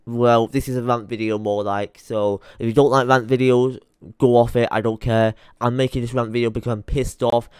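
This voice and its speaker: A man's voice: medium pitch, level tone, moderate pace, clear, resonant tone, no room sound, clean studio sound. A young man ranting angrily to his channel, swearing and repeating himself in heated bursts. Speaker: YouTuber. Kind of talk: angry rant to camera.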